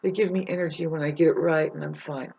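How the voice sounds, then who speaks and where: A woman's voice: deep voice, steady tone, fast talker, gravelly, warm tone, breathy edge. A woman in a rambling, profane spiritual monologue, laughing often as she talks. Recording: muffled lo-fi recording.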